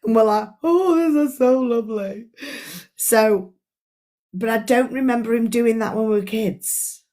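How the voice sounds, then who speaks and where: A woman's voice: mid-range voice, darkish tone. A middle-aged woman, a life coach, leading an earnest, chatty book club discussion on a live stream and talking straight to her audience.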